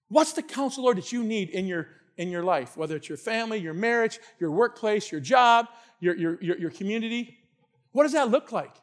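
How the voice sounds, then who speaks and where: Guy preaching in church, really high voice, gets loud and fired up, repeats himself a lot. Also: fairly quick. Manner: excitable, shouting at times, repeats words. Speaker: pastor. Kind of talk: sermon. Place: church sanctuary.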